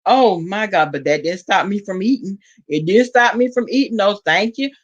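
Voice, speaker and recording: Animated Southern woman spilling gossip. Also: moderate pace, lo-fi sound. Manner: animated gossip, acts out quotes with big pitch jumps. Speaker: vlogger. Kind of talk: casual storytelling to viewers.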